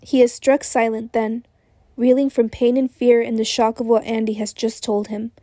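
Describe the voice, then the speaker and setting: A woman narrates an audiobook in a measured, intense way, her voice hoarse. Her tone is dark and slightly high, recorded close and dry with no room sound. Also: flat delivery, dry recording.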